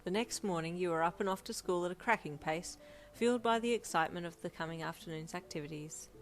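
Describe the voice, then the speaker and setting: A woman reading a fan fiction story aloud in an even storytelling manner, with faint instrumental music. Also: lowish voice, fast. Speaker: story narrator.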